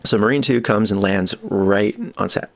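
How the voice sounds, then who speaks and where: A man, a sound mixer on a podcast, telling a casual anecdote with lively energy and quick jumps into higher voices when quoting people. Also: gravelly. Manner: animated, jumps into higher-pitched voices for quotes. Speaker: boom operator and sound mixer guest.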